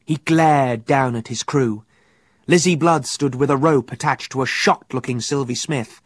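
A man narrating an adventure audiobook in an expressive, vivid storytelling manner. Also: mid-range voice, moderate pace, breathy edge, no room sound, clean studio sound.

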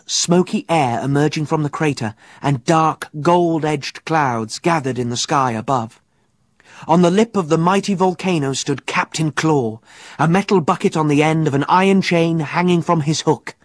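A man narrating an adventure audiobook in an expressive, vivid storytelling manner. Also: on the high side, moderate pace, no echo, clean studio sound.

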